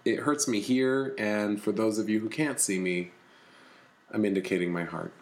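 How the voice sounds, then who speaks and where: A man's voice: lowish voice, moderate pace. A man co-hosting a casual podcast, joking and self-mocking as he chats with friends. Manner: playful, self-mocking, animated. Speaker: podcast co-host. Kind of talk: casual chat.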